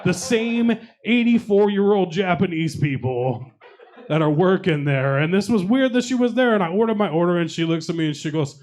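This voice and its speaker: A young man doing stand-up on a showcase stage, his voice sitting a little high for a man. He swears freely, jokes at his own expense and picks on people in the crowd. He talks into a handheld mic. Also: animated, moderate pace, darkish tone. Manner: profane, self-deprecating storytelling with crowd work. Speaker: stand-up comedian. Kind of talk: stand-up comedy set. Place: comedy showcase venue with live audience.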